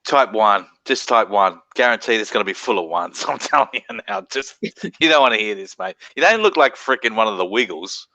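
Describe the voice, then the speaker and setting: A man's voice: on the low side, animated, fairly quick, hardly any pauses, sharp tone, no echo. A middle-aged Australian man hosting a casual late-night stream, rambling, swearing freely and laughing often. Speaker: livestream host.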